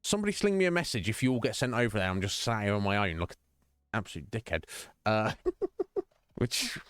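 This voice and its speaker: Chatty man, low animated voice. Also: a little fast, smooth, no echo, studio quality. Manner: rambling, jokey, chatty, addresses viewers by name. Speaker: streamer. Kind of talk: casual live-stream chat with viewers.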